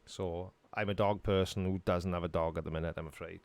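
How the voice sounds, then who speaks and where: A man's voice: low voice, fairly even intonation, a little fast, darkish tone. A middle-aged man, casually answering viewers' questions on a live stream in a dry, sarcastic way. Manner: dry, sarcastic, self-mocking.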